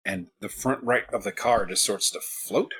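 A man's voice: lowish voice, normal speed, a bit bright, breathy edge. A man from the United States hosting a podcast, telling a long, self-mocking story in a casual way with many restarts. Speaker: podcast host.

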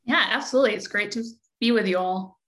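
A woman's voice: medium pitch, quick pace, a bit bright. Midwestern woman talking easily as a guest. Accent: Midwestern American. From Wisconsin. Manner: easygoing, frequent ums and restarts. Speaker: podcast guest, education researcher. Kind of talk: casual interview talk.

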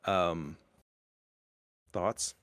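A man hosting a casual podcast chat, talking in a halting way with many fillers and restarts. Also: low voice, fairly bright tone, smooth, no echo. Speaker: podcast host.

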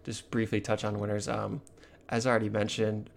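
A laid-back man hosting a podcast with a gravelly, fry-tinged voice. He speaks wryly in casual chat and keeps the show moving. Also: fairly low pitch, level tone, a little fast. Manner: wry, laid-back, moves the show along. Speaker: podcast host.

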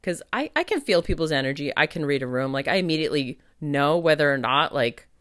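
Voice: medium pitch, animated, fairly quick, a bit bright, no echo, clean studio sound. Chatty medium telling a retreat story. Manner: chatty, many fillers, acts out own past thoughts. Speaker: podcast host and psychic medium. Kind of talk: casual monologue.

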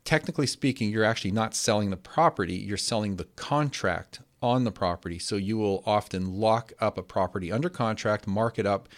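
Low-voiced man hosting an investing podcast. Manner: explanatory, measured, steady teaching tone. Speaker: podcast host. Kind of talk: solo podcast monologue answering a listener question.

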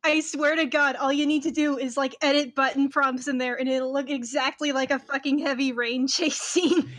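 A woman with a high voice talking freely with friends, enthusiastic and blunt. She swears casually and defends her opinions with gusto. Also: steady tone, moderate pace, a bit bright. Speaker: podcast co-host. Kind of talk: casual chat.

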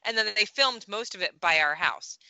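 A woman's voice: mid-range voice, expressive, normal speed, sharp tone, no echo. A woman from Pennsylvania, chatting as a podcast co-host and telling a rambling story. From Pennsylvania, USA. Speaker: podcast co-host, travel agent. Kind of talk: casual chat.

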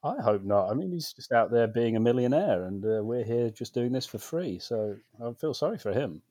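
A man's voice: mid-range voice, expressive, normal speed, mellow, dry recording. A man from the UK co-hosting a film podcast, talking in a sarcastic, laughing way. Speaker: podcast co-host. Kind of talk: casual chat.

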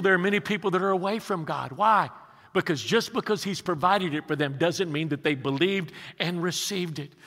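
An older male pastor in his sixties delivers an emphatic sermon, his voice high and forceful. He keeps turning to the congregation with questions. The sound carries a long reverb from a large church hall.

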